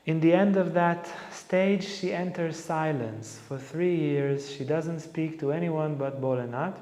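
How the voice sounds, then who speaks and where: His voice sits fairly high and moves a little slowly as he teaches spiritually through a lively story, voicing the people in it himself. The recording carries an echoey hall reverb.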